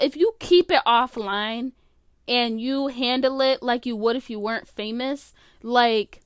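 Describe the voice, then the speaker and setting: Female solo podcast host, high, smooth voice, chatty and opinionated, dry close mic. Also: dry recording. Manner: chatty, opinionated, many "like" fillers. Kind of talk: casual solo commentary.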